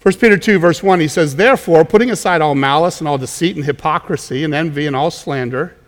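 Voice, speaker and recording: A man's voice: on the high side, quick pace. A man preaching a sermon as pastor, in a conversational way, often repeating words and restarting as he goes. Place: church sanctuary. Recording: long reverb of a large hall.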